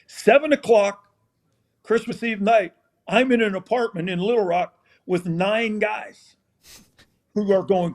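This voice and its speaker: A man's voice: high voice, measured pace. An older man, a former football coach and guest on the show, telling stories casually and acting out the scenes. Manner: animated storyteller, acts out scenes. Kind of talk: casual anecdotal storytelling.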